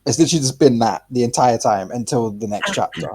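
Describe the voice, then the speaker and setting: A man co-hosting a casual podcast chat, rambling and animated, swearing freely and restarting his sentences often. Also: mid-range voice, quick pace, breathy edge. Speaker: podcast co-host.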